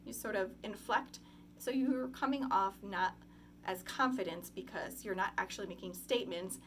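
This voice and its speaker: A woman's voice: mid-range voice, a bit bright, slight background noise. A young woman giving a class oral presentation, talking casually with many ums and likes. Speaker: student presenter.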